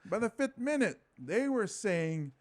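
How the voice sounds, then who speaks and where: A stand-up comic from Hawaii tells stories in a casual interview, speaking at a measured pace in a high voice. He's animated and acts out quotes in different voices.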